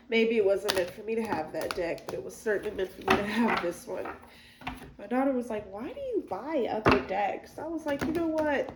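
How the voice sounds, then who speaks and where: A woman giving a casual tarot reading, chatty and rambling, with many fillers and asides. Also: mid-range voice. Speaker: tarot reader. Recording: echoey room with faint noise.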